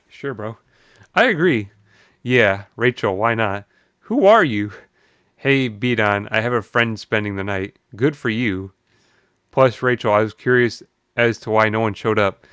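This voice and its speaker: A man's voice: a little slow, clean tone, dry recording. A man streaming live, reading old forum posts aloud and reacting with incredulous, swearing commentary and frequent laughter. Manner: animated, incredulous, swears, laughs often, jumps up in pitch.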